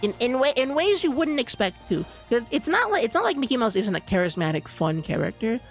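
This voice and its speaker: Excitable streamer rambling on a live stream, trips over words a lot, faint music in the back. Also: mid-range voice, a little fast. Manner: rambling, stammering restarts, excitable. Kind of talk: casual stream chat.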